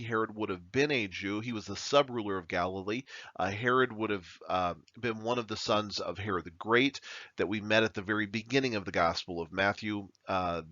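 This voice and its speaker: A man's voice: fairly low pitch, a bit bright, no room sound, dull audio. A man teaching verse by verse through the Bible as a pastor, talking plainly with frequent fillers and restarts.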